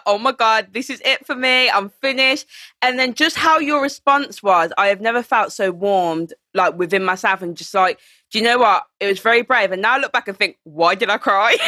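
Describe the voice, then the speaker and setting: A woman, the interviewer, speaking in an animated, emotional way, using "like" often. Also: on the high side, dry recording. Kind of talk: conversational interview.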